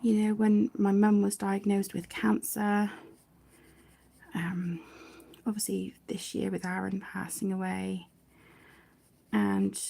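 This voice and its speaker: A woman hosts a relaxed colouring live stream, talking slowly in a soft, mellow voice with a gravelly edge. She chats to her viewers with lots of fillers and restarts, and often sinks to a near whisper. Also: medium pitch. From United Kingdom. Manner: chatty, warm-hearted, many fillers and restarts. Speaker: colouring channel host. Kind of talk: casual live-stream chat while colouring.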